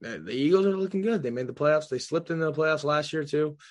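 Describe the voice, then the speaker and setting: A man's voice: fairly high pitch, fast. A young man hosting a casual football podcast, joking and swearing loosely with his co-host. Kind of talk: casual sports chat.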